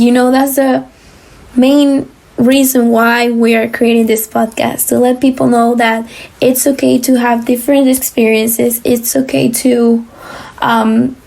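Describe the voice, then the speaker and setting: A woman hosts a podcast with a high voice. Her voice has a gravelly edge, and she speaks softly and hesitantly. She fills her pauses with frequent fillers. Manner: soft-spoken, hesitant, with many fillers. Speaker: podcast host. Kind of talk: casual interview chat.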